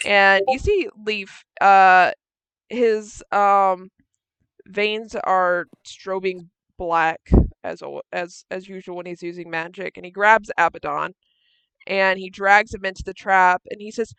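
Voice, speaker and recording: A woman game master narrates a tabletop game in a casual, profane manner and bosses her players about. Her voice is bright and strikingly clear, recorded dry and close. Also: mid-range voice, steady tone, takes it slowly, dry recording. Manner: casual, swears freely, bossy with players.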